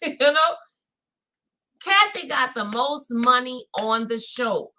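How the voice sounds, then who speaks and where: This reality-show recap host has a New Orleans accent and a bright, forceful voice pitched a little high. Speaking slowly over poor audio, she stays animated in her chatty live show, talking right to viewers and reading out their chat messages.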